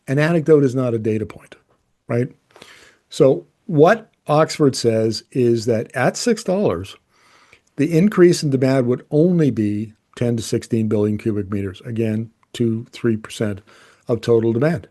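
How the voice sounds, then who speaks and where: A man's voice: mid-range voice, normal speed, dark tone. A man, an energy journalist, giving casual, opinionated commentary on gas markets, often restarting his sentences. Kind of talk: explanatory commentary.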